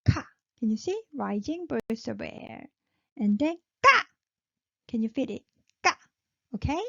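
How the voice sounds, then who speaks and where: A woman's voice: fairly high pitch, creaky, darkish tone, no echo. A woman teaching a language lesson, who repeats each syllable patiently and keeps checking in with "okay?". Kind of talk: slow spoken lesson with repeated drills. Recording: dull, muffled lo-fi sound.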